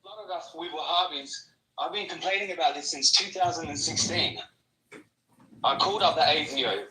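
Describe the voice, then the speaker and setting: A man's voice: fairly high pitch, fairly quick, bright, forceful tone. An Australian man calling in, ranting aggressively and profanely in a rambling way. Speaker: caller. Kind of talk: heated call-in rant. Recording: echoey and distant.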